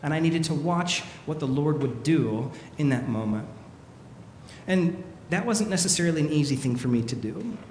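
Animated pastor preaching in an echoey hall. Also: male voice, fairly high pitch, normal speed. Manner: animated storytelling, acting out people's panicked words. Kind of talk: sermon. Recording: echoey hall with long reverb, faint noise.

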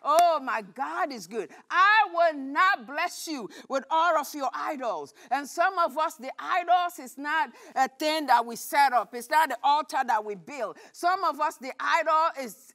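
A woman pastor preaching a midweek sermon, telling a Bible story with animated rhetorical questions. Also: high-pitched.

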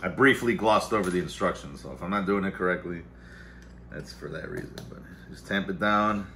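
Low bright-voiced man rambling casually. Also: a little fast, a little hiss or hum. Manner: rambling, profane, mutters to himself. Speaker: vlog host. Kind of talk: casual chat while making coffee. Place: home kitchen-dining room.

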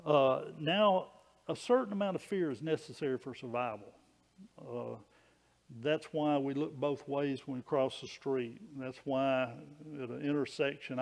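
Man, church preacher, folksy conversational sermon delivery, mid-pitched voice. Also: a little mellow. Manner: folksy, conversational preaching with small stories and restarts.

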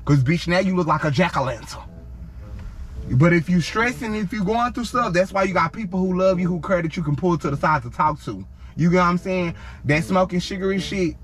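A young man in a car, scolding a friend loudly with profanity and dramatic threats. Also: fairly high pitch, animated, brisk. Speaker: prank video co-star. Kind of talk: loud scolding banter. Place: inside a car.

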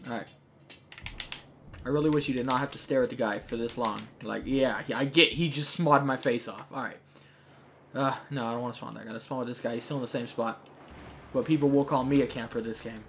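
A man giving jokey, chatty commentary over his own gameplay, breaking into shouts when things get tense. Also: mid-range voice, steady tone, brisk, a little hiss or hum. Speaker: gaming YouTuber. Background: game gunfire.

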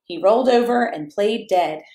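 A woman reading a picture book aloud to children in a playful, animated way, chatting to them and to her dog between pages. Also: mid-range voice, normal speed. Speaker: children's story reader. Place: church or home room, echoey. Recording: echoey room.

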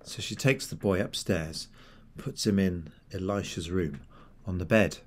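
A man preaching a sermon, retelling a Bible story in a lively, conversational way and voicing the characters as he goes. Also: deep voice, unhurried.

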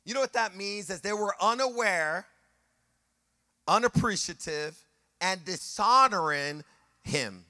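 A man's voice: sits high, lively intonation, a little slow, long pauses, pushed and bright, no echo, studio quality. A male pastor preaching a sermon with passion, repeating phrases for emphasis and rising into a sung preaching cadence.

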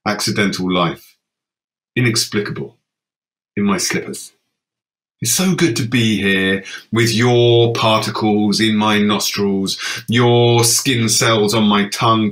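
A man delivers his own poetic monologue in a wry, theatrical way. His voice sits at an ordinary middle pitch, and his lines drift from quiet musing to sharp, raised exclamations. He performs on stage. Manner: wry, lilting, shifting from hushed to exclaiming. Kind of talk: theatrical spoken-word monologue.

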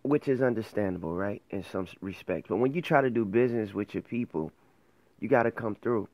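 A man's voice: on the low side, a little fast, no room sound, dull audio. A man hosting his own faith show, talking casually and earnestly to camera, rambling and correcting himself as he goes. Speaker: host of an online faith show.

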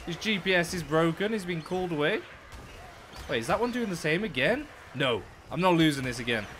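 A young man with a fairly high, lively voice narrates his game run. He talks straight to the creatures on screen and bursts into loud exclamations often. His has an or ring. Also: brisk, slight background noise. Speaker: gaming YouTuber. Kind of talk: let's play commentary.

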